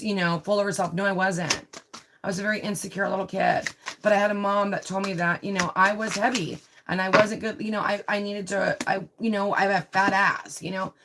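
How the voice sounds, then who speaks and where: Woman tarot reader on a livestream; chatty, confiding delivery, mid-range voice, faint noise behind. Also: mid-range voice. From Italian heritage. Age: adult with a child. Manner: chatty, confiding, peppered with "right?" and "you know". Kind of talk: live tarot reading.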